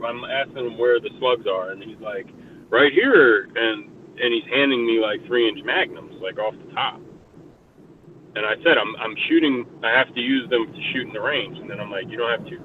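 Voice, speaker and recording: A man telling a rambling story in casual chat, swearing constantly. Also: medium pitch. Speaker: voice chat participant. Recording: tinny phone-like voice chat, faint hiss.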